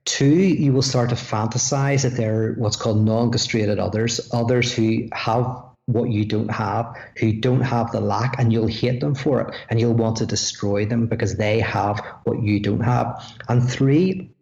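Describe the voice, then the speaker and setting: An Irish man who is a podcast guest, explaining ideas in an animated way with quick asides. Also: mid-range voice, creaky. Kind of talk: podcast conversation. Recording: echoey room, dull lo-fi sound.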